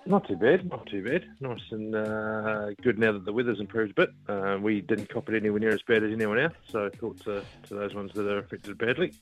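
Kiwi male caller, low and easygoing, faint music underneath. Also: brisk, few pauses. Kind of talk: phone-in chat.

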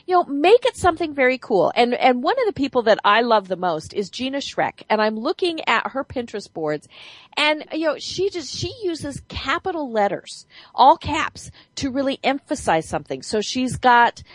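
A woman's voice: sits high, normal speed, no echo. A woman hosting a radio talk show, chatting with enthusiasm and stressing words. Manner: enthusiastic, emphatic, lively. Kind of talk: casual radio chat.

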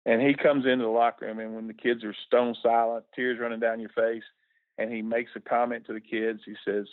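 A man's voice: mid-range voice, level tone, brisk, dry recording. A middle-aged man, a former coach talking casually in a radio interview, folksy and repeating words when moved. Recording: tinny phone line on radio.

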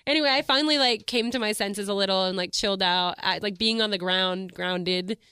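A young woman swaps stories on a podcast with her partner, animated and quick to laugh. Her voice is smooth and clear and sits in a middle register. The sound is close and dry. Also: mid-range voice, no echo. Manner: animated storytelling, acts out quotes, laughs often. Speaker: podcast co-host. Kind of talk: casual chat.

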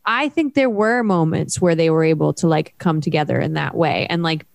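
A woman's voice: deep voice, moderate pace, creaky, dry recording. Woman, young adult, podcast co-host, enthusiastic, filler-heavy, dry. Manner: enthusiastic, gushing, frequent "like" fillers. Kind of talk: casual chat.

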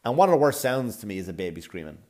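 A man's voice: on the low side, big pitch swings, racing, darkish tone. Profane, rambling man telling a story. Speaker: comedian. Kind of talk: storytelling comedy rant.

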